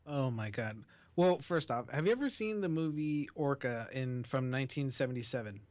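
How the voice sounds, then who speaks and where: A man's voice: mid-range voice, animated, normal speed, darkish tone, no echo, lo-fi sound. A man co-hosting a talk radio show, chatting casually with dry, joking asides. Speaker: radio co-host.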